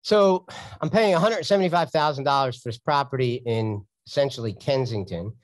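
A man's voice: medium pitch, fairly quick, no room sound. Blunt, sarcastic man. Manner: blunt, storytelling, sarcastic asides. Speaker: real estate investor teaching from his deals. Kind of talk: casual teaching talk over slides.

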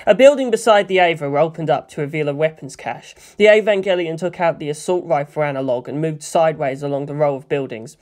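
A man narrating a fan fiction story in a steady, measured reading. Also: on the high side. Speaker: fanfiction reader. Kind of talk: scripted narration.

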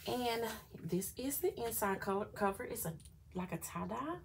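A woman's voice: medium pitch, lively intonation, normal speed, creaky, slight background noise. A woman vlogger chatting casually through a planner flip-through, gushing and often saying y'all.

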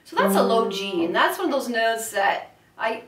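A woman's voice: fairly high pitch, very animated, normal speed, faint music behind. A woman voice teacher giving a vocal lesson, explaining exercises and at times talking through a straw. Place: studio room. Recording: roomy, from a distance.

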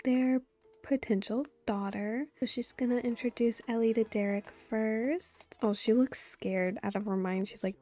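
A woman's voice: on the high side, fairly even intonation, moderate pace, warm tone, no room sound. A woman giving casual let's-play commentary, gushing and chatty as she plays. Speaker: gameplay YouTuber.

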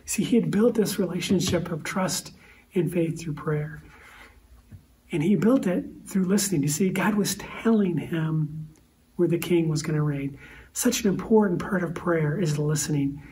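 In a church sanctuary, a male pastor delivers a sermon in a conversational, storytelling style, throwing rhetorical questions at the congregation. His voice sits a little high with a dark tone, and a faint hiss or hum runs under the recording, where he sounds distant from the mic.

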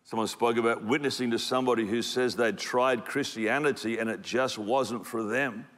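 A man's voice: medium pitch, fairly even intonation, moderate pace, a bit bright. A man preaching a sermon in a church, in an emphatic, conversational way. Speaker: pastor. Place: church auditorium. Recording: echoey hall reverb.

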